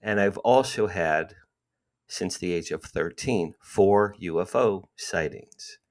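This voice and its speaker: A man's voice: low-pitched, slow pace. A man in his sixties from New Jersey, a podcast guest telling his stories animatedly, acting out the dialogue and repeating himself for emphasis. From New Jersey, USA. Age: 60s. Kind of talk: storytelling interview.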